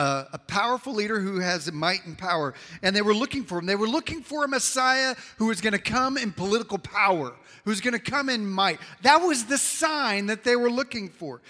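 Bright-voiced preacher in a reverberant church. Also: male voice. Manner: swings from low, quiet emphasis to loud, high outbursts. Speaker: pastor. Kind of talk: sermon. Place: church sanctuary. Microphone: handheld or wireless mic.

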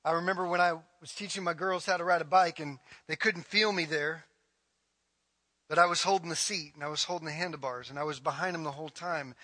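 A middle-aged man preaching a sermon as a pastor, building to loud, emphatic declarations and then easing into a soft, guided prayer. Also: a little high, steady tone, brisk, no echo.

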